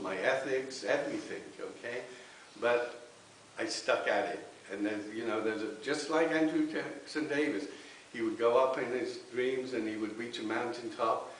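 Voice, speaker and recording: A man giving a heartfelt spiritualist sermon, often pausing to ask the congregation "okay?". His voice sits at an ordinary middle pitch. It reaches the mic from across a very reverberant church hall, with a faint hiss underneath. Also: a bit bright, distant mic. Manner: earnest, tag questions with okay. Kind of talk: sermon with personal testimony.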